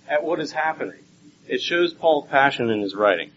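A man preaching a Bible teaching sermon, animated and swinging between loud and hushed. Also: medium pitch, normal speed, slight background noise. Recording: dull lo-fi recording with faint ambience.

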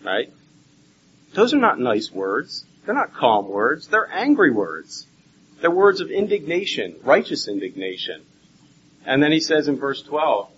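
A man preaching a Bible teaching sermon, animated and swinging between loud and hushed. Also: medium pitch, a little slow, a little hiss or hum. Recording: dull lo-fi recording with faint ambience.

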